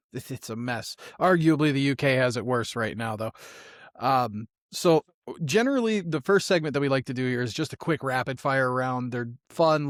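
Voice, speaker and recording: A man hosting a podcast interview, easygoing, with quick laughs as he asks his questions. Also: mid-range voice, dry recording, clean studio sound. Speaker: podcast host.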